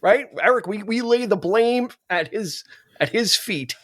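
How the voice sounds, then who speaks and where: A man hosts a podcast in loose, joking conversation. His voice sits high and swings widely in pitch, and he often trips over and restarts his words. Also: measured pace. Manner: animated, joking, stumbling restarts. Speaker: podcast host. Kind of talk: casual chat.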